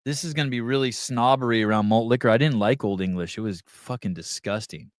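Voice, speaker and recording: A man hosting a live podcast, chatting casually and reading the chat aloud, rambling and swearing as he thinks out loud. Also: medium pitch, fairly quick, dry recording, studio quality.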